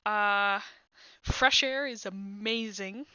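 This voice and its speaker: Smooth-voiced woman running the game. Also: mid-range voice, takes it slowly, pushed and bright, dry recording, dull audio. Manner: playful, amused narration. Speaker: game master. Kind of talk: narrating a tabletop game.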